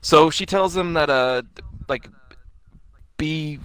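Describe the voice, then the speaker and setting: A man's voice: fairly high pitch, slow, long pauses, fairly bright tone, smooth, no echo, rough recording. A man talking casually and profanely, rambling through his thoughts with fillers and restarts. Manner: rambling, swearing, trailing off with fillers. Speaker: podcast co-host. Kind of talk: casual recap chat.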